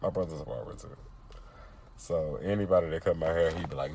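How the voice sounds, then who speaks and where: A man's voice: rumbling low, a little mellow, slight background noise. A man from Tennessee co-hosting a podcast, bantering casually with a dramatic, profane, laughing manner. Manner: dramatic, cursing, quick to laugh. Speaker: podcast co-host.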